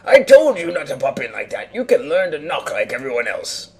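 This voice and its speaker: A man voicing a scheming male villain vizier in a fan reading of a game scene, speaking low and quiet. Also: wildly swooping pitch, fairly quick, a crowd in the background.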